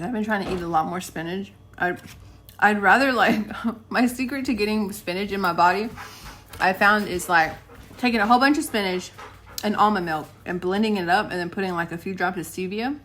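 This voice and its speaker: A woman's voice: mid-range voice, brisk, fairly bright tone. A young woman, rambling casually to her vlog audience from home and laughing often. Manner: chatty, laughs often, talks to her dogs mid-sentence. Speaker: vlogger. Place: home, indoors.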